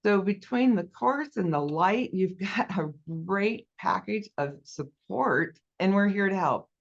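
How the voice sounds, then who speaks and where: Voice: mid-range voice, animated, measured pace, creaky. A guest in a casual interview, earnestly explaining a product step by step. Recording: dull lo-fi audio.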